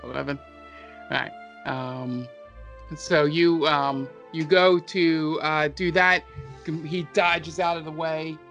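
A man acts as game master for a tabletop game, describing the action loosely and with plenty of ums and uhs. His voice is bright and slightly high. Faint music plays underneath. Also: slow pace, lo-fi sound. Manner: relaxed, filler-heavy narration.

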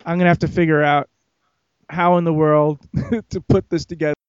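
A man's voice: fairly high pitch, flat delivery, moderate pace, muffled recording, very noisy. A man hosting a casual gaming podcast who keeps joking, teasing his co-hosts and laughing. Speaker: podcast host.

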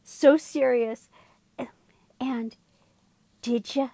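A woman chatting casually as a podcast co-host, telling animated stories that swing from hushed asides to big laughs. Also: medium pitch, unhurried, no echo. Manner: animated storyteller, drops to whispers and bursts into laughter. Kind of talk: casual chat.

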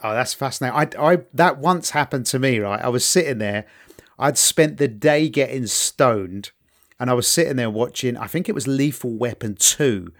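A man's voice: medium pitch, normal speed. A middle-aged British man chatting casually, telling stories animatedly and acting out the voices of the people in them. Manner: animated storyteller, acts out voices loudly. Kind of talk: casual chat, storytelling.

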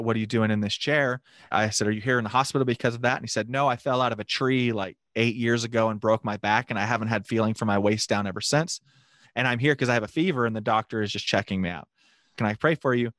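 Quick animated man telling a story. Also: mid-range voice, no echo, studio quality. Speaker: guest telling a mission story. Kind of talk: casual storytelling testimony.

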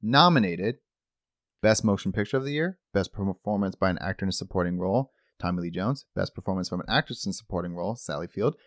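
A man's voice: low voice, animated, fast, dry recording, clean studio sound. A young man co-hosting a podcast, chatting casually and rambling in a jokey way about a movie. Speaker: podcast co-host. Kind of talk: casual chat, movie review.

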